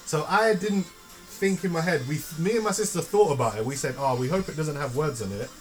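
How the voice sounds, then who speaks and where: A man's voice: a little high, fairly quick, faint music behind. A man co-hosting a podcast in casual chat, joking and defending himself with plenty of laughter. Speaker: podcast co-host.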